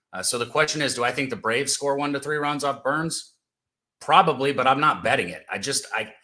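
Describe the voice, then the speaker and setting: A man's voice: mid-range voice, pushed and bright. A man co-hosting a casual sports betting show, blunt and sarcastic, swearing freely. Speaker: co-host.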